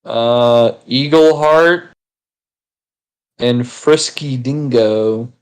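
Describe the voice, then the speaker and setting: A man's voice: medium pitch, very slow, clean tone, low-quality recording. A man chatting casually with friends while gaming, rambling and teasing with casual swearing. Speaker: gaming video co-host.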